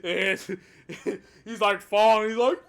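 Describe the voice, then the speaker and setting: A man's voice: high voice, steady tone, takes it slowly, vocal fry, noisy background. A man giving a casual, rambling movie review, swearing often and laughing at the plot.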